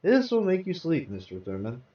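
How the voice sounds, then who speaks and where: A man reading aloud, voicing a hospital doctor who speaks in a measured, matter-of-fact way. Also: fairly high pitch, huge pitch swings, warm tone, pitched above the performer's own voice. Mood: calm. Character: male hospital doctor, calm and firm. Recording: roomy, distant, dull sound.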